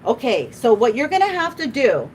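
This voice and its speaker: A woman's voice: a little high, wildly swooping pitch, normal speed, a little hiss or hum, rough recording. A woman doing a live tarot reading, chatty and emotional, often laughing and speaking to spirit. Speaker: tarot reader.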